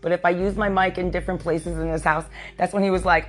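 A woman's voice: lowish voice, steady tone, fast talker. A woman hosting a podcast from home, chatting casually in a teasing, playful way and laughing often. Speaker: podcast host. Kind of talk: casual chat. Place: at home, back porch.

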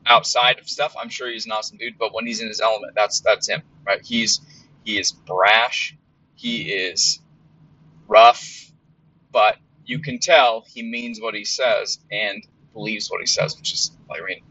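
A man talks through his podcast in a loose, rambling monologue, blunt and full of fillers and the odd curse. His voice is bright and forward. The recording is a little dull and lo-fi. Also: fairly low pitch, steady tone, a little slow, husky. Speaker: podcast host. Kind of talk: casual monologue.

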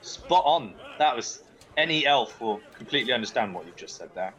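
A man's voice: medium pitch, animated, brisk, a bit bright, muffled recording. A man playing a tabletop role-playing game, tossing in wry jokes. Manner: wry, joking asides.

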